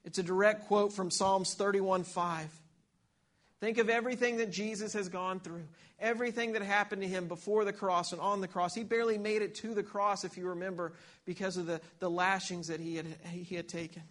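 A man's voice: sits high, fairly even intonation, fairly quick, fairly bright tone. A man preaching a sermon, reading Scripture aloud and often repeating himself and restarting phrases.

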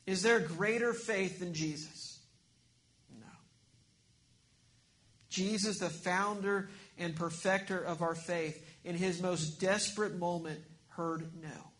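A male pastor delivers a sermon with a notably high voice. He preaches earnestly, pressing some points hard and letting others fall to a hushed tone. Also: steady tone, takes it slowly. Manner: earnest preaching, swings between emphatic and hushed.

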